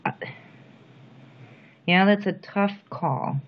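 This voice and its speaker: Middle-aged lady talking soft and thoughtful in an interview, mid voice, kinda dull lo-fi sound. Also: mid-range voice. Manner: soft-spoken, reflective, thoughtful pauses. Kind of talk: reflective personal interview. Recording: dull lo-fi recording.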